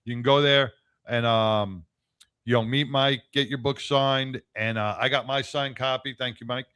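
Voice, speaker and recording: A man's voice: mid-range voice, fairly even intonation, normal speed, bright, forceful tone, clean tone. A man hosting an interview, upbeat as he promotes his guest's book. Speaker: radio show host.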